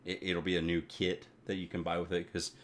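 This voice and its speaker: A man's voice: low voice, monotone, fairly quick. A man co-hosting a casual podcast, rambling about gaming news with lots of fillers and restarts. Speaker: podcast co-host.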